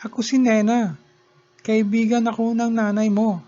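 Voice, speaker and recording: A man's voice: high voice, level tone, normal speed, warm tone, dull audio, voice pushed up, lightly acted. A man voicing a polite adult woman visiting a neighbour's house, speaking courteously and carefully.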